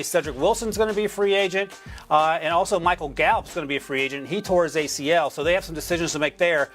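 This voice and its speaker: A man from North Carolina, a sports analyst guest, talking through draft picks in a quick, joking way on a studio mic. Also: fairly high pitch. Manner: quick, joking, chuckles while explaining.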